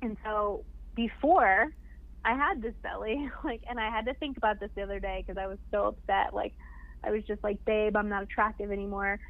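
A woman's voice: medium pitch, normal speed, vocal fry, dry recording. Chatty woman on a tinny phone line. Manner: chatty, laughs often, many fillers. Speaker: podcast guest. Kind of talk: casual interview chat.

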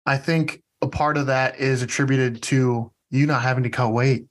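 Male interviewer, friendly, easygoing questions, middle pitch. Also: steady tone, moderate pace, rough recording. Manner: friendly, laughs often. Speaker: podcast interviewer. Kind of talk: casual interview chat.

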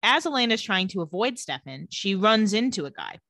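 A woman's voice: mid-range voice, very animated, moderate pace, bright, forceful tone, no echo, clean studio sound. Wry, chatty woman recapping a show. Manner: chatty, wry, acts out quotes. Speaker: podcast co-host. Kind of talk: casual TV episode recap chat.

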